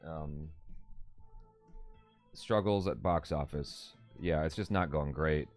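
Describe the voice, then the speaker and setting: A man's voice: very deep voice, takes it slowly, soft background music. A man co-hosting a casual live stream, reading viewer comments aloud and reacting. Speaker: co-host reading live chat.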